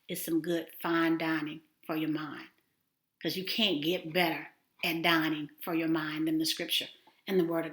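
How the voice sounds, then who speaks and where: A woman teaching a self-affirmation lesson in an encouraging, animated way, at times dropping to a near-whisper. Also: fairly low pitch. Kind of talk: casual spoken lesson. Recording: roomy echo.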